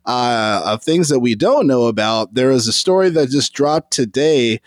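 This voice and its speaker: A man hosting a gaming podcast, reading a news story aloud with many pauses and fillers, then chatting casually. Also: mid-range voice, expressive, no echo. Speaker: podcast host.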